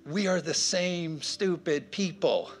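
A man's voice: fairly high pitch, takes it slowly, faint music behind. A man preaching a sermon, emphatic and punchy, checking in with his congregation. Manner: emphatic, punchy, call-and-response. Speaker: pastor.

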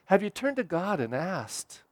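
A man's voice: high voice, very animated, a little slow, dry recording. Man preaching a homily, dry close sound. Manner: conversational preaching, rising for emphasis and dropping soft for prayer. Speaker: priest. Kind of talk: homily at Mass.

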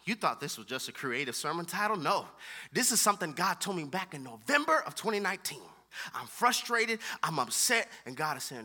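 Male young adult pastor, high and very bright tone, passionate rhythmic sermon delivery. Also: sing-song, brisk. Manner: impassioned preaching, rhythmic repetition, voices God's words.

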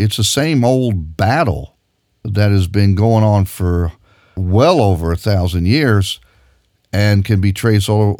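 A man's voice: low-pitched, mellow, dry recording, clean studio sound. A man preaching a sermon with emphatic, insistent delivery, reading scripture aloud and explaining it.

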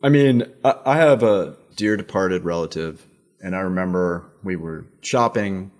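A middle-aged media executive, appearing as a guest in a conversational interview, speaks in a low-pitched voice and a little slowly. He tells stories in an animated way, adding emphatic asides.

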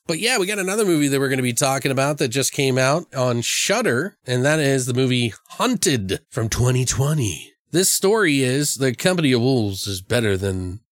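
Man co-host, loose profane movie chat, average pitch, dry mic. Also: animated, normal speed, few pauses, no echo. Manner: rambling, profane, retells scenes in funny voices. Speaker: podcast co-host. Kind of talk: casual movie review chat.

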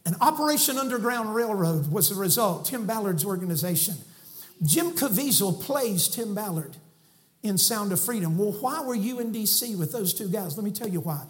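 A Southern preacher, a man, delivers a fiery sermon from the pulpit. His voice sits unusually high, and he swings from shouts down to near-hushed lines. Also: expressive, moderate pace. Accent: Southern American. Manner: fiery, shouting preacher with sudden soft drops. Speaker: guest preacher. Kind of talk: impassioned sermon. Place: church sanctuary.

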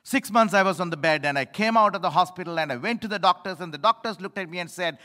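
A middle-aged male pastor preaching a sermon, emphatic, swinging between loud appeals and low asides, in a church. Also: quick pace, hardly any pauses. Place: church sanctuary. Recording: echoey hall reverb.

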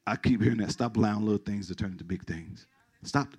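A middle-aged man preaches as pastor in a lowish, slightly rough voice, talking fast. Animated and emphatic, he restarts and repeats words and jokes with his congregation.

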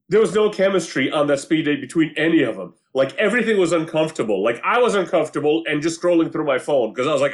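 A man chatting casually and recapping a TV show, animated, acting out quotes, swearing freely and laughing often. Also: a little high, quick pace, few pauses.

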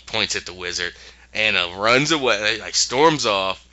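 A man's voice: fairly low pitch, expressive, measured pace, bright, forceful tone, lo-fi sound. A man casually recapping a TV episode and acting out the characters' lines in voices. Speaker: podcast host recapping a TV episode.

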